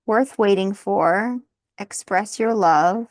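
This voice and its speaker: A woman's voice: medium pitch, unhurried, a little mellow, dry recording. A woman doing a casual tarot card reading, thinking aloud, often breaking into laughter and apologizing. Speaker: tarot reader.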